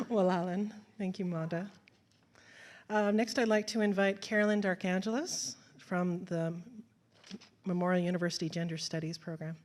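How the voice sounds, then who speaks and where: A woman moderator introducing speakers and the event at a university panel in a measured, formal way. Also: fairly low pitch, steady tone, a little mellow. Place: university lecture hall.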